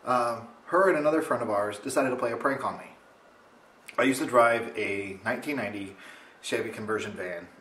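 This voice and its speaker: A young man casually telling a funny story to his camera at home, rambling and animated. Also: brisk, echoey room. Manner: rambling, animated, mimics others in high voice. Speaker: vlogger. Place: home, indoors.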